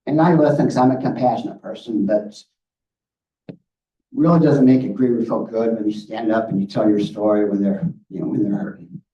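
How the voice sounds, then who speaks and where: A man's voice: fairly low pitch, steady tone, brisk, mellow. Earnest middle-aged man, distant and roomy. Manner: earnest, direct, frequent "okay?". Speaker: guest speaker on grief. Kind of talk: presentation with slides. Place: meeting room. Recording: roomy, distant, muffled room audio.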